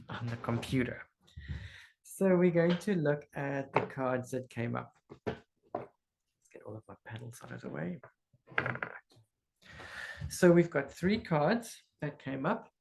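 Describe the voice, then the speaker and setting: Calm gravelly man guiding a healing. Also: mid-range voice. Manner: calm, slow instructive guidance. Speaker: energy healer leading a group session. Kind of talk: guided group healing session.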